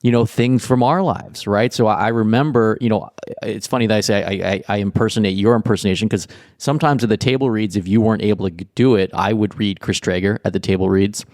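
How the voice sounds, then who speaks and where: A man's voice: on the low side, quick pace, a little mellow, no room sound, clean studio sound. A man co-hosting a podcast, chatting casually in an enthusiastic, rambling way with many restarts. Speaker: podcast co-host and former writer. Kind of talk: casual chat.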